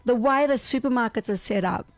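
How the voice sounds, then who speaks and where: A woman hosting live radio, chatty and quick to laugh as she reads out listener greetings. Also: a little high, no echo. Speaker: radio host. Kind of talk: casual radio chat.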